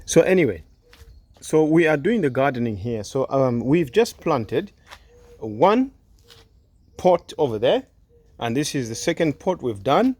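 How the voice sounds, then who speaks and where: A man's voice: medium pitch, big pitch swings, unhurried, pauses often, a little mellow, slightly rough. A man hosting a casual gardening vlog outdoors, chatty and full of questions. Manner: chatty, asks lots of questions. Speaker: video host helping with gardening.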